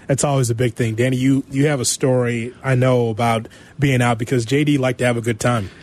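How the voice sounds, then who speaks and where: A man's voice: mid-range voice, steady tone, fairly quick. Man reminiscing on radio. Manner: warm reminiscing, loose and rambling. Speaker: radio host. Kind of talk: casual sports radio chat.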